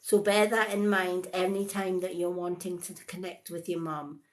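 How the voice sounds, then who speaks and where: A woman giving a live psychic card reading in a chatty, rambling way, full of animated asides. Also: lowish voice, moderate pace.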